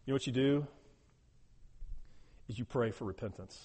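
A man preaching a sermon as pastor, talking with emphasis, repeating words, and moving between loud urging and quiet prayerful tones. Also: medium pitch, normal speed, breathy edge, big-room sound.

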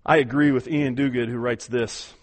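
A man preaching a sermon with a folksy, conversational manner and rhetorical questions, swinging from quiet asides to loud, drawn-out proclaiming. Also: medium pitch, steady tone. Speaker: pastor. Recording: long hall reverb.

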